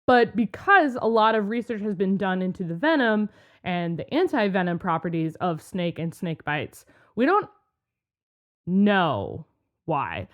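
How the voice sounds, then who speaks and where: A woman co-hosting a podcast in a relaxed, chatty way. She explains things with lively energy and laughs easily, her voice sitting in a middle pitch. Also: a little slow, dull audio. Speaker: podcast co-host. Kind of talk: casual chat.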